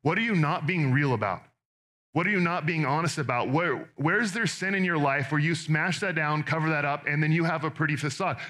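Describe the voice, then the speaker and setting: A man preaching a sermon as pastor, earnest and direct, with quick conversational asides to his congregation. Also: on the high side, bright, forceful tone.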